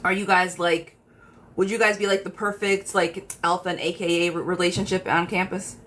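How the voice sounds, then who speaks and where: A chatty woman reads tarot live for her viewers and greets each one warmly by name. Her voice sits a little low for a woman. A faint hiss runs under the home stream. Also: flat delivery, moderate pace. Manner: chatty, affectionate, talks straight to viewers by name. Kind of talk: casual live tarot reading.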